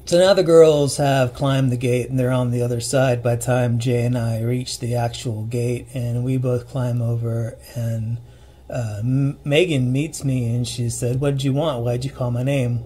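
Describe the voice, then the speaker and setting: A man telling a personal ghost story in a casual, earnest way, pausing and restarting as he recalls the details. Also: medium pitch, fairly even intonation, mellow. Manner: earnest, halting retelling with restarts and vivid detail.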